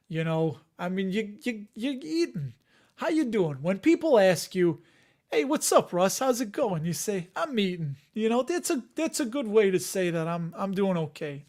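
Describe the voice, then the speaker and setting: A man's voice: sits high, darkish tone. A man in his forties hosting a livestream, chatting casually with viewers, often chuckling and trailing off mid-thought. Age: 40s. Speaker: livestream host reading viewer comments. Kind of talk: casual rambling livestream chat.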